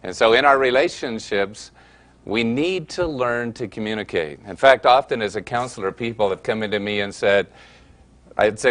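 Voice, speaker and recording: A man's voice: lowish voice, moderate pace. A man working as a counselor, leading a teaching session for couples before marriage in an earnest, folksy way and telling stories as he goes. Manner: earnest, folksy, lively storytelling.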